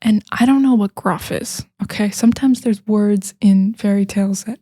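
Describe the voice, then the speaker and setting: American lady teacher telling bedtime stories, chatty, lots of um and like, slips into whispers, mellow. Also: mid-range voice, moderate pace, dry recording, studio quality. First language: English. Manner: chatty, many fillers, sometimes whispering. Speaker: English teacher. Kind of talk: casual storytelling for learners.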